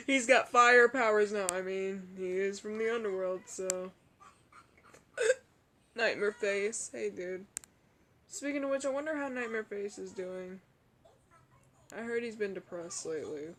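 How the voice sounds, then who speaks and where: A woman's voice: medium pitch, expressive, fairly bright tone. A young woman commenting on a game, hiccuping and out of breath, laughing and gasping often. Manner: laughs a lot, gasping, drawn-out sighs. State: hiccuping, out of breath, chest aching. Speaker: roleplay gamer commenting on a game.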